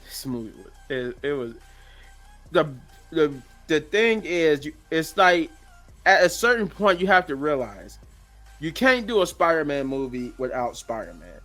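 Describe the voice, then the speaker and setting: A man's voice: on the high side, big pitch swings, unhurried, a bit bright. Rambling casual man, faint music behind. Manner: rambling, many restarts and fillers, offhand slang. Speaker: gaming channel host reviewing a movie. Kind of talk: casual spoken review.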